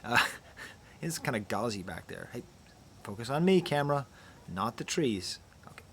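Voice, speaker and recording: A middle-aged man giving casual film commentary to camera outdoors, talking softly, almost in a whisper, musing with quick laughs. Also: medium pitch, big pitch swings, gravelly, a little hiss or hum. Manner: soft, near-whispered delivery. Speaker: YouTube critic. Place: outdoors near trees.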